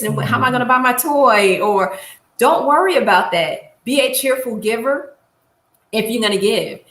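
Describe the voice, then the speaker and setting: A woman's voice: medium pitch, fairly bright tone, echoey room. A woman giving a casual Bible lesson, speaking directly and encouragingly to her listeners. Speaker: Bible teacher.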